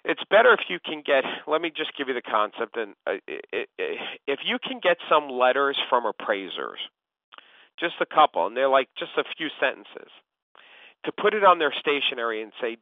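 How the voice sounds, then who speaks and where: Guy coaching a realtor on a call, middle pitch, tinny phone line sound, teaching step by step. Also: sing-song, normal speed, no room sound. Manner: instructive, repeats the listener's name. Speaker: real estate coach.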